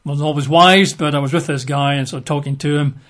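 Brit preacher guy chatting through a bible passage, slightly high voice, hesitant, lots of ums. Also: steady tone, a little fast, a bit bright. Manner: chatty and hesitant, many fillers and 'sort of'. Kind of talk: conversational Bible teaching.

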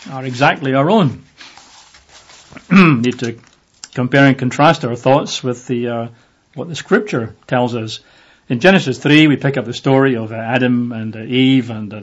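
A man teaching from the Bible in a relaxed, conversational way, with lots of fillers, sometimes acting out the voices in the passage. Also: medium pitch, moderate pace. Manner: conversational, with many fillers, acts out voices in the reading. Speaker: preacher. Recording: dull lo-fi audio.

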